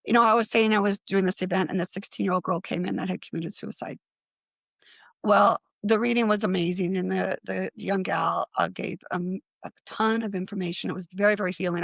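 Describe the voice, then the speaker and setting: Gravelly-voiced woman telling a story. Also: lowish voice, fairly bright tone, no echo. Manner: chatty, acts out other people's lines in quotes. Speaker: guest, psychic medium. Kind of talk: casual storytelling in an interview.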